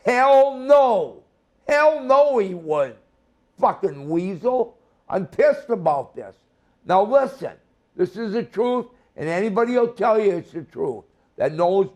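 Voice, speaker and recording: An older man from Minnesota telling a heated, profane story in an interview as a former wrestler. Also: high voice. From Minnesota, USA.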